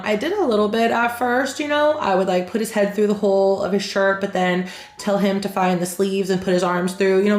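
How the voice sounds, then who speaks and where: A woman hosting a reaction channel who reads aloud and tells stories casually, frank and animated, acting out the people she quotes. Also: medium pitch. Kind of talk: reading aloud then casual storytelling. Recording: echoey room with faint music.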